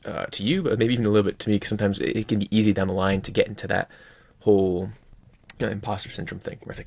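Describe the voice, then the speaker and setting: Low gravelly-voiced man, effusive podcast co-host. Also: little pitch movement, racing. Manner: enthusiastic, effusive, laughs often. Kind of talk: casual chat.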